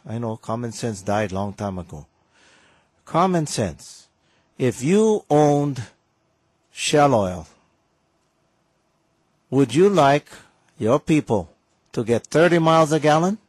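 A man hosting a car-repair radio show, talking slowly and bluntly in a folksy way. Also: medium pitch, darkish tone, no room sound. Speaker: radio show host, auto mechanic. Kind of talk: casual call-in radio chat.

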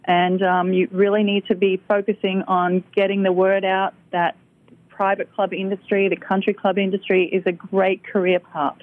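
A woman's voice: mid-range voice, level tone, moderate pace, no room sound. Female guest on a phone line, businesslike and promotional, dry and tinny sound. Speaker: magazine and business producer, guest. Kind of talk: casual interview chat.

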